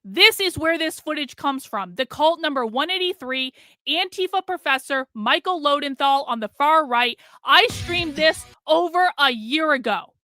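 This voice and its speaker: Angry woman streamer ranting and cursing, sharp bright voice, dry close sound. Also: sits high, expressive, moderate pace, hardly any pauses, no room sound. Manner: furious, swearing, repeating herself. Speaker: live streamer. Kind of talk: angry live stream rant.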